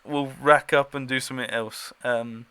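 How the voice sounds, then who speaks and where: A man's voice: medium pitch, fairly even intonation, normal speed, pushed and bright, smooth, dry recording. A man co-hosting a podcast, chatting casually with lots of fillers, restarts and chuckles. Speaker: podcast co-host giving a battle report. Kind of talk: casual chat.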